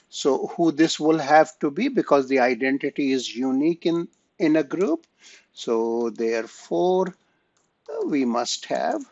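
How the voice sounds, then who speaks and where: Male lecturer, slow and halting, lively pitch, gravelly edge, dull lo-fi recording. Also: no echo. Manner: slow, halting, frequent "right?" and "okay?" checks. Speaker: math lecturer. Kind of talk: online lecture.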